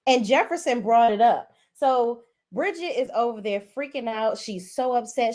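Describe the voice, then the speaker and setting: A woman in her forties hosting a casual livestream, recapping a drama episode and speaking directly to viewers in a chatty, animated way. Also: fairly high pitch, normal speed, hardly any pauses. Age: 40s. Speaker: host. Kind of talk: casual livestream show review.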